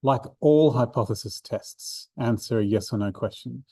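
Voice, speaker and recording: A man's voice: mid-range voice, moderate pace, dark tone, slightly rough, no echo. A man, a maths learning centre coordinator, explains a revision seminar step by step with fillers and restarts. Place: room, drawing notes for an overhead camera.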